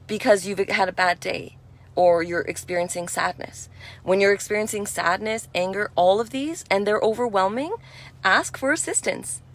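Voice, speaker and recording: Woman, spiritual speaker, mid-pitched, gentle and affirming, conversational delivery. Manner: conversational, with frequent "you know". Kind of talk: spiritual energy talk.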